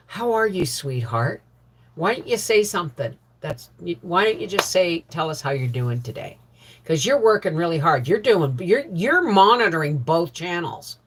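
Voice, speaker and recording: A middle-aged woman hosting a relaxed live chat. She talks slowly, with a lower voice that still rises and falls a lot. She greets viewers like old friends. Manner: chatty, warm greetings to viewers, laughs often. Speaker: homestead livestream host. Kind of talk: casual live chat reading viewer comments.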